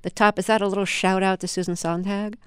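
A woman hosting a public radio interview in a measured, clear, composed way. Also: mid-range voice, little pitch movement, dry recording. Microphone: studio microphone. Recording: dry studio sound.

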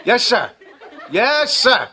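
Nervous sitcom employee, high, bright, lively, deferential, faint noise. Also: male voice, slow, some chatter behind, exaggerated voice. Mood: flustered. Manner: flustered, deferential. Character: nervous eager male employee. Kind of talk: sitcom acting.

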